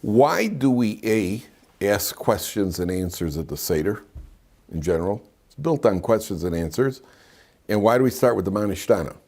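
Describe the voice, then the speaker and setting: An older man leads an informal class in a classroom, his voice sitting a little low. He talks the way he thinks, doubling back on phrases and drifting into side remarks before returning to the point. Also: animated, moderate pace, darkish tone. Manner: conversational and digressive, with frequent restarts and asides. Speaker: rabbi teaching a class. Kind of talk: informal Torah lecture. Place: classroom with students.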